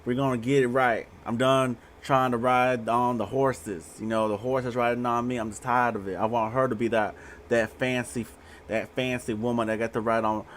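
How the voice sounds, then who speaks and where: A boastful young man solemnly declares he's done sleeping around, in a put-on accent, as a man mocks him. The voice is slow and drawn out, with a mock-pompous tone. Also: medium pitch, little pitch movement, slight background noise, lightly acted.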